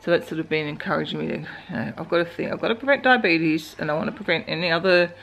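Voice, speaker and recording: Australian woman in her forties, gravelly, chatty. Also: low-pitched, fast talker, fairly bright tone, a little hiss or hum. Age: 40s. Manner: rambling, chatty, laughs often while talking to her dogs. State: out of breath from exercising. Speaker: vlogger. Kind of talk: casual vlog chat. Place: at home.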